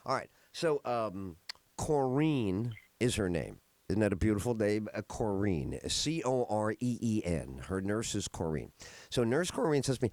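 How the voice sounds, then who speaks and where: A man's voice: fairly low pitch, very animated, normal speed, darkish tone, dry recording. A middle-aged man hosting a podcast, telling rambling stories in a casual chat with many fillers. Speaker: podcast host.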